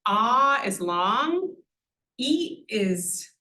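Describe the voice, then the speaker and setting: A woman's voice: a little high, expressive, unhurried, reverberant. A woman giving an introductory Sanskrit lesson to an audience at a university event, patiently explaining and often asking "right?" with a light humorous touch. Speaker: Sanskrit teacher.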